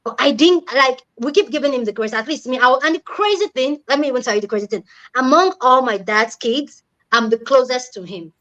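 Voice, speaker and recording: A woman's voice: high voice, a little fast, fairly bright tone, highs cut off. A young adult woman, not a native English speaker, earnestly telling a personal story in a casual chat and repeating key words for emphasis.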